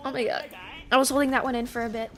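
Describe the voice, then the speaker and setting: A woman's voice: a little high, little pitch movement, very fast, fairly bright tone, soft background music. A young woman talking casually in short clips, often exclaiming and excusing herself.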